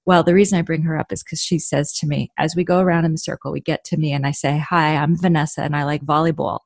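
A woman's voice: low-pitched, fairly even intonation, quick pace, vocal fry, dry recording, clean studio sound. A woman from New Jersey, an actress, talking as an interview guest; she tells stories and laughs easily. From North New Jersey. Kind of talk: casual conversational interview.

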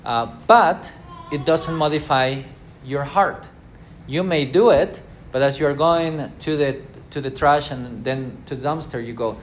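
A man teaching a church Bible class in a halting way, with many fillers, acting out everyday quotes and asking the class questions. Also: fairly high pitch, a little hiss or hum.

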